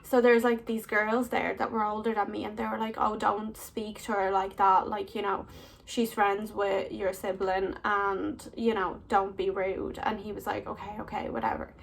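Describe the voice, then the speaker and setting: A woman's voice: medium pitch, level tone, moderate pace, creaky, a little hiss or hum. A young woman with a lilt chats her way through a story to camera, her voice sitting in a middle register. She talks casually and piles on "like" fillers as she goes. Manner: chatty, many "like" fillers, laughs often. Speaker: vlogger.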